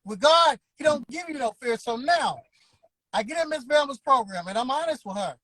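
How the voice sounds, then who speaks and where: A barber school owner in his 50s tells his story as an interview guest, his very high voice animated, pushed and bright on a low-quality recording. His motivational storytelling is emphatic and preacher-like, with drawn-out words.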